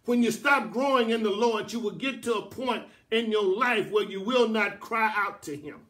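A man preaching a sermon as pastor in a church, building to shouted, repeated lines. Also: sits high, normal speed.

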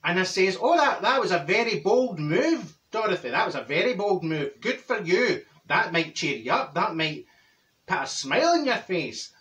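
Guy putting on brash glasgow auntie, glaswegian accent, high and bright, chatty scots gossip. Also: big pitch swings, moderate pace, distant mic. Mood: gossipy. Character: brash older Glaswegian woman, gossipy and cheeky. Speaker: comedy character host. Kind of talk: comic character monologue.

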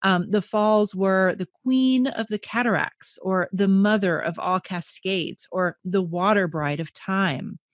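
A woman co-hosting a history podcast, narrating sources in a lively, easy-laughing manner with fillers. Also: mid-range voice, unhurried, few pauses, no echo, clean studio sound. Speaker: podcast co-host.

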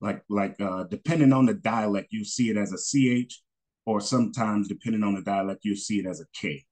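A man's voice: lowish voice, darkish tone. Hesitant man explaining in a class. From North Carolina. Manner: halting, many fillers and restarts. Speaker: assistant teacher.

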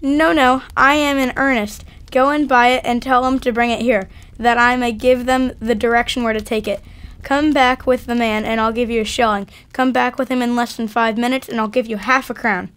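A woman's voice: a little high, fairly even intonation, moderate pace, clear, resonant tone, natural voice. Scrooge, a reformed old miser, read by a woman. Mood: overjoyed. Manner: eager, warmly exclaiming. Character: old male miser, newly joyful and generous. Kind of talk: dramatic reading at a church event.

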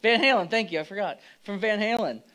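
A male pastor giving a conversational, animated sermon, acting out quotes as he goes. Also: high-pitched, brisk, rough recording.

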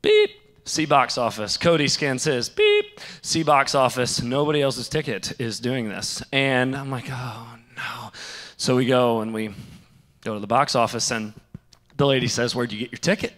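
A young man preaching a sermon, telling a story in a lively way and acting out the other people's lines. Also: mid-range voice, normal speed, long reverb tail. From St. Louis area. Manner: animated, acts out quoted voices. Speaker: pastor.

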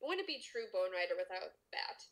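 A woman's voice: fairly low pitch, sing-song, brisk, a bit bright, poor audio. A woman co-hosting a podcast, reading erotic fiction aloud expressively and teasing her co-host between passages. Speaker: podcast co-host and story reader.

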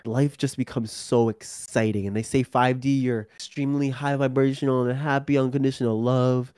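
A man speaks as a guest in a relaxed interview, his voice sitting in an ordinary middle range. He rambles and slips into acting out little quoted remarks. The sound is dry, with no room echo at all. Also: medium pitch, fairly quick. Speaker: podcast guest. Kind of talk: casual interview talk.

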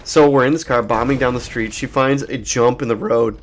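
A man's voice: medium pitch, fairly even intonation, normal speed. Rambling, profane man narrating gameplay. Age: adult. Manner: meandering, profane, jokey storytelling. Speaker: let's play host. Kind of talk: rambling gaming commentary.

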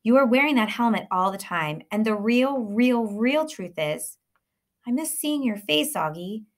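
A woman reading a gentle, fond father. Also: fairly high pitch, lively intonation, unhurried, voice pushed up. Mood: tender pleading. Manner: gentle, pleading, playful. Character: affectionate, joking middle-aged father. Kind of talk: audiobook reading.

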